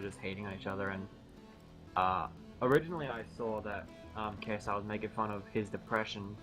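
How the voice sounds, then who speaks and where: A man's voice: lowish voice, fairly bright tone, low-quality recording. A man on a group voice chat in a casual, rambling rant, annoyed, swearing and full of fillers. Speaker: gamer ranting on a group voice chat.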